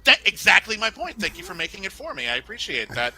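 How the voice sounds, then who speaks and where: A man arguing his case in a casual podcast debate, talking fast and animated, sometimes over others. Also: sits high, faint music behind, low-quality recording.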